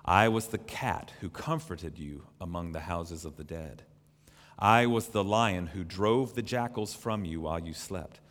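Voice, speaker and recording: A man voicing a great, deep-voiced lion who speaks gravely and gently. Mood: solemn. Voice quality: deep and slow, solemn. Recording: long reverb in a large hall.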